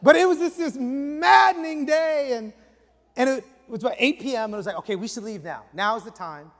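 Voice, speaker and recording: A man in his thirties, a pastor, giving a sermon in lively storytelling, sometimes dropping to hushed asides. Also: extremely high pitch, fairly quick. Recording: long hall reverb.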